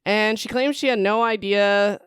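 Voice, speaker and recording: A young woman hosting a book podcast, recapping chapters in a chatty, excitable way, full of "like" and "whatever" asides. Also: medium pitch, unhurried, clear, resonant tone, dry recording, studio quality.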